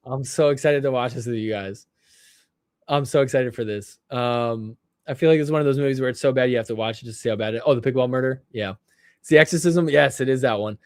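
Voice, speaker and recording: A young man hosting a live stream, joking and excitable as he reacts to clips and laughs often. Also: medium pitch, quick pace, no room sound. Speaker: livestream show host. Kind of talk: casual live-stream commentary.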